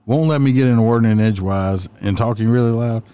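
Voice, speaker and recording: A man's voice: medium pitch, fast, mellow, clean tone. A man in casual chat, making wry, profane jokes.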